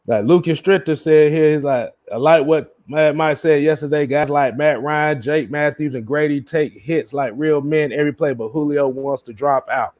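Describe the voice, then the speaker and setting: A man hosting a casual livestream, reading out viewer comments in a relaxed way, often laughing and repeating himself. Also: fairly high pitch. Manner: laid-back, laughs often, repeats words. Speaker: livestream host.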